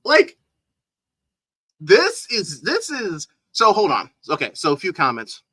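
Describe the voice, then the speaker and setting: Incredulous streamer host with a bright, close, dry voice and frequent laughs. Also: mid-range voice, wildly swooping pitch, takes it slowly, slightly rough, no echo, rough recording. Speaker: livestreamer. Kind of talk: livestream reaction commentary.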